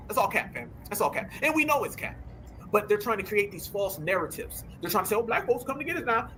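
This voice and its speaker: A man hosting a political commentary show, talking in an animated, sarcastic, slangy way. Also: sits high, a little hiss or hum. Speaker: host.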